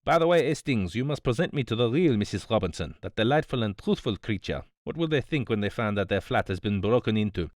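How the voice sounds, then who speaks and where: A man's voice: fairly low pitch, expressive, quick pace, hardly any pauses, darkish tone, no echo, clean studio sound, lightly acted. A man voicing a fussy, smug older detective, politely reproving, in an audiobook. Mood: smug, precise. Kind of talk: audiobook character voice.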